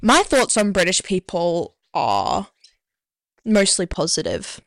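A woman's voice: on the low side, sing-song, slow pace, no echo, studio quality. A young Australian woman hosting a radio show, talking casually in a rambling, self-deprecating way. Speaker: community radio host.

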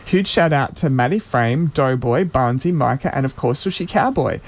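A man reads listener shout-outs on his community radio program in a relaxed, animated way, at normal speed and medium pitch, occasionally fumbling a name.

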